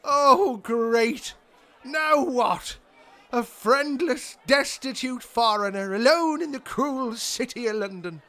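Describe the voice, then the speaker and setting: A man's voice: extremely high pitch, takes it slowly, sharp tone, heavily acted. A man voicing a boastful, melodramatic male rogue colonel with a Scottish accent. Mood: indignant. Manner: swaggering, then melodramatically self-pitying.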